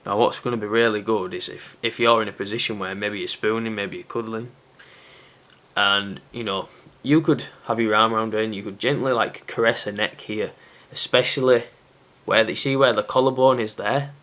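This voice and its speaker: Young man, somewhat low voice, casual to-camera advice, candid, chatty. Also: steady tone, normal speed, a bit bright. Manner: candid, chatty, self-aware. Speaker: dating advice presenter.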